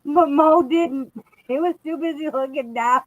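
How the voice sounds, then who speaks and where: Woman streamer, 30s, slightly high voice, loose and profane, laughs through her stories. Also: measured pace, dull audio, over a noisy crowd. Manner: laughing, crude, rambling storyteller. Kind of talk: casual group chat.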